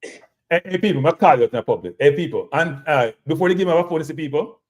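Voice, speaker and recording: Emphatic Jamaican football show host. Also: male voice, a little high, lively intonation, quick pace. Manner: repetitive, emphatic, addresses viewers as people. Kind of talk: casual football analysis chat.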